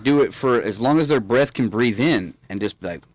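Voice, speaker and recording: A man's voice: mid-range voice, expressive, fairly quick, no room sound. A man, rambling through stories in a casual chat as podcast host. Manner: rambling storyteller, drawling, swears freely.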